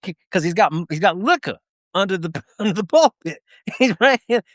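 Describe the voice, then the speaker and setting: A man's voice: high-pitched, expressive, normal speed, dry recording, studio quality. A man telling rowdy stories in casual live-video chat, laughing often and swearing freely. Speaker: military veteran guest.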